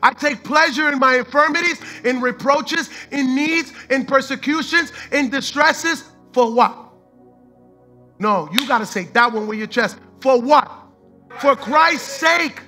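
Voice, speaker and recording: A man's voice: very high voice, measured pace, sharp tone, soft background music. A man preaching a sermon as pastor, fervent and repetitive, mixing in street slang and the odd line of Spanish.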